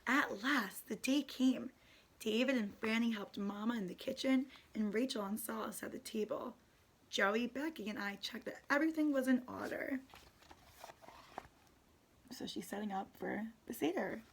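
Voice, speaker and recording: A woman's voice: a little high, a little hiss or hum. Woman reading a storybook to young children. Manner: slow, expressive storytelling. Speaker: teacher reading to a kindergarten class. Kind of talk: reading a picture book aloud with asides to children.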